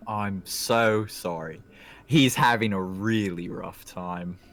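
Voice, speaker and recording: A man's voice: sits low, takes it slowly, fairly bright tone, voice pushed down, exaggerated voice. A man reading as a weary, apologetic single dad. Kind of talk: reading visual novel lines aloud.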